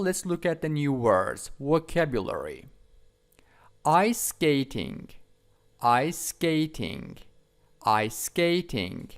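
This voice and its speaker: Slow, lively-voiced English teacher drilling words. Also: male voice, mid-range voice. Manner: repeats words slowly to drill pronunciation. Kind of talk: English lesson for schoolchildren.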